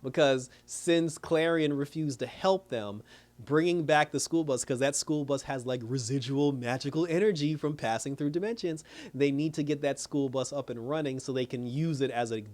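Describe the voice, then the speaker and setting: A man's voice: medium pitch, darkish tone. A man casually recapping a TV episode as a reviewer, rambling loosely and laughing often as he retells scenes. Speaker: TV show reviewer.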